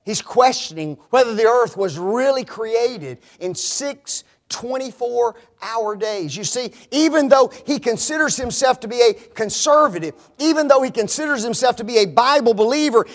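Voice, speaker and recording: A man with a notably high voice preaching a sermon. He stresses his words hard and keeps throwing rhetorical questions at his listeners. His tone turns scornful when he repeats the phrases he is arguing against. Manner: emphatic, rhetorical questions to the audience, mocking quoted phrases.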